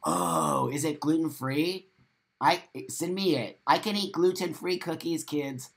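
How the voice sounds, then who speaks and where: With a slightly high, creaky voice at a measured pace, a man hosts a live morning show stream. He reads comments from viewers and responds with emphatic, repetitive, profane talk, animated and prone to sudden loud exclamations.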